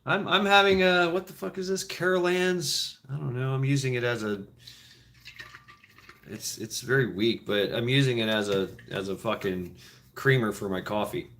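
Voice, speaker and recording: A man's voice: medium pitch, steady tone, normal speed, fairly bright tone. Rambling, profane storytelling man. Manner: profane, rambling, frequent restarts and laughs. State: foot injured, limping.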